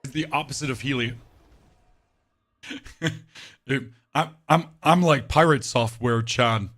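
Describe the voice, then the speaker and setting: Unhurried and a bit bright, a male game streamer talks casually with his chat, reading messages aloud and adding sarcastic comments. His voice is deeper and rougher than usual, though only temporarily.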